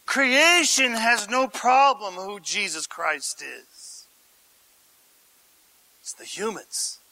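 A male pastor delivering a sermon in a bright, high voice, with an unhurried pace. He swings from hushed, near-whispered lines to excited shouts and keeps throwing questions at his listeners. The sound is dry and close. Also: no room sound, rough recording. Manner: addresses congregation directly with questions.

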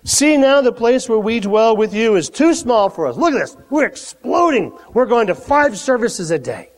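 Preacher as eager young prophets, high and animated, echoey hall. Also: male voice, normal speed, heavily acted. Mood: excited. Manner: excited, exclaiming. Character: excited young men of a prophets' band.

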